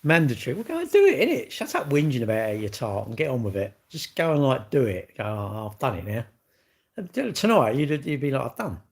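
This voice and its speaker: A man's voice: mid-range voice, very animated, brisk, slightly rough. A man in his sixties, chatting casually on a live stream with viewers, cheeky and bantering with the odd swear word. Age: 60s. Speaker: livestream host.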